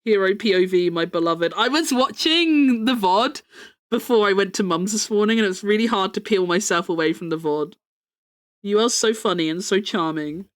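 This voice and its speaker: A woman's voice: mid-range voice, moderate pace. A young woman streamer chatting casually, rambling, joking about herself and swearing freely.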